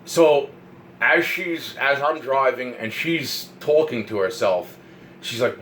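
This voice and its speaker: A man recounts a story in a loose, rambling way, swearing often and repeating phrases as he gets worked up. His voice sits at an ordinary middle pitch. A faint hiss runs under the recording. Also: slow pace, rough recording. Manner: profane, excitable, repeats himself.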